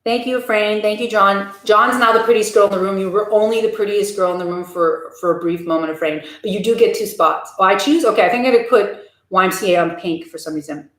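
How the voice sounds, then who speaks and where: A chatty woman streaming from a room at home, her voice carrying a roomy echo. She talks candidly and replies to viewers in a loose, conversational way, at a middle pitch for a woman. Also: brisk, hardly any pauses, fairly bright tone. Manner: candid, chatty, reads and answers viewer comments. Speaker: live streamer. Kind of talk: casual live-stream chat.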